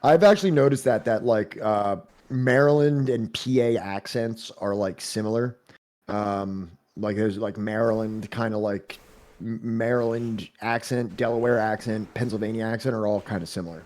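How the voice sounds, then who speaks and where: In a loose, joking podcast chat that leads into discussing a book, a New Jersey host stumbles through many fillers and restarts. His voice is fairly low and a little mellow, at normal speed.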